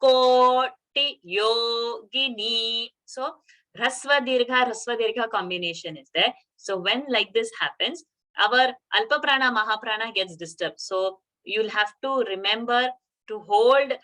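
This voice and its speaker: A woman teaching a chanting class over a video call, slowly sounding out syllables to show the right pronunciation. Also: on the high side, bright, forceful tone, low-quality recording. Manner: slow, careful syllable-by-syllable demonstration. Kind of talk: online chanting lesson.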